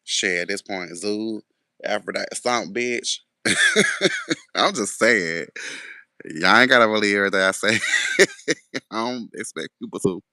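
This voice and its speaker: A man's voice: lowish voice, moderate pace, pushed and bright, no room sound. A man ranting casually to camera in a sassy, sarcastic way, swearing freely. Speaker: vlogger.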